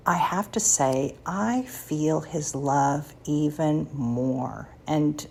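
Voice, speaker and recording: A woman in her sixties speaks in a low, husky voice with a gravelly edge. She unhurriedly shares personal faith stories as a podcast host. She is confiding and laughs softly between thoughts. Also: takes it slowly. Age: 60s.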